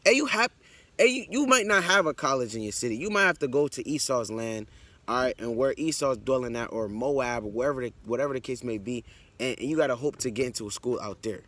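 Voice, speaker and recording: A man's voice: mid-range voice, lively intonation, fast, bright, forceful tone. A man teaching the Bible in a blunt, conversational preaching style. He reads scripture aloud, then explains it, and keeps checking in with "all right" and "man.".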